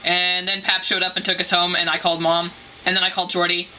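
Woman, casual storyteller, very bright edgy tone, excitable and rambling, constant "like". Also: fairly low pitch, quick pace. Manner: rambling, excitable, heavy use of "like". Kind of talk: casual personal anecdote.

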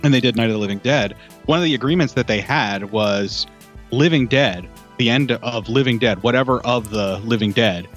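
A man's voice: medium pitch, moderate pace, fairly bright tone, soft background music. A man in a casual film review podcast chat, giving long, detailed, rambling explanations. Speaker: podcast co-host.

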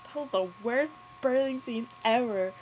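A woman's voice: fairly high pitch, a little slow, slight background noise, low-quality recording. Young adult woman, sarcastic and giggly, casual running movie commentary.

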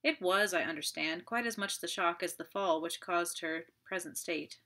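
Woman reading shrewd older male detective, courteous, measured, guarded, low bright voice. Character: polite, shrewd older Belgian detective, man.

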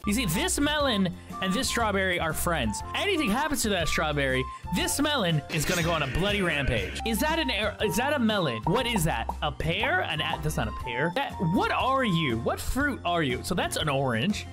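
A man's voice: high-pitched, big pitch swings, moderate pace, over music. A man streaming a video game, chatting playfully and jokingly with his viewers. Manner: playful, jokey, chats to viewers. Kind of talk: casual live-stream chat.

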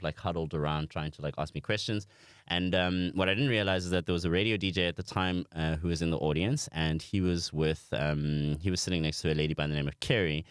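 A man's voice: a bass voice, no room sound, studio quality. A young South African man with a South African accent, telling self-mocking stories as a comedy podcast guest. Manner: animated, self-mocking storyteller. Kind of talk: podcast storytelling.

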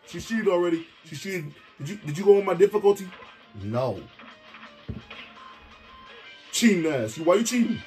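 A middle-aged father trash-talks his way through a family game tournament, boastful and teasing. His voice sits a bit high for a man and swings widely in pitch. Faint music plays behind him. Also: fast talker. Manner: boastful, teasing, animated banter. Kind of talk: casual trash-talk over gameplay.

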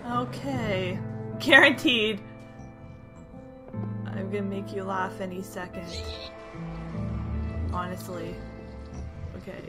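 A young woman giving live commentary on her gameplay, jumpy and exclaiming often as she talks to her viewers, over loud game music. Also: medium pitch, fairly even intonation, slow, long pauses. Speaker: gaming YouTuber.

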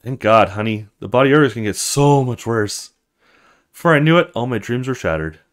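A man's voice: medium pitch, animated, fairly quick, close to an everyday voice. A man doing a rueful, worn-out thirty-year-old woman. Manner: rueful, sardonic, self-pitying. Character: weary 30-year-old woman, her own future self.

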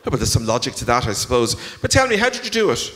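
A man's voice: mid-range voice, big pitch swings, fast, fairly bright tone. A man reading aloud, voicing an elderly, stern priest who scolds and frets in the confessional. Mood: scolding. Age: older than 60. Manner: scolding, exasperated, indignant. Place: large concert hall. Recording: long concert hall reverb.

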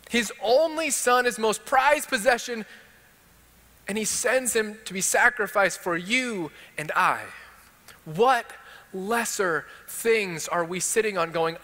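A male pastor with a Texan accent preaches with passion, stacking one rhetorical question on another. His voice sits high and rings bright. The church hall around him carries a long reverb. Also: slow. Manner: impassioned, building rhetorical questions. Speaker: teaching pastor. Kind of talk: sermon. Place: church sanctuary.

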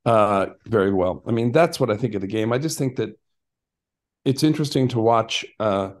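Storytelling casually in an interview, an older former actor and basketball coach rambles along with frequent restarts and asides. He talks at a moderate pace in a fairly low-pitched voice.

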